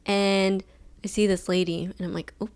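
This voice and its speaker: A young woman hosting a solo podcast, telling a story in a chill, fairly monotone way, with lots of filler words. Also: mid-range voice, normal speed, clear, resonant tone. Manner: chill, laid-back, monotone delivery; rambling with many fillers like "like". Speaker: podcast host.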